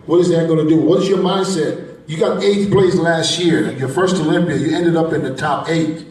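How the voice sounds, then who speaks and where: A man's voice: fairly high pitch, fairly even intonation, normal speed, a little mellow. A male interviewer asking athletes long, probing questions at a press conference. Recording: echoey room, distant mic.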